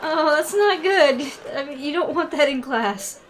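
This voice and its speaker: A woman's voice: high voice, lively intonation, measured pace, slight background noise. A woman hosting a reaction video, dropping short exclaiming comments.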